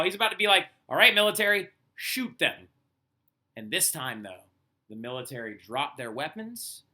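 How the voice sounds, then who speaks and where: A young male teacher giving a casual recorded history lesson, chatty and animated, peppering his talk with "like" and "right?" and acting out quotes. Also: a little high.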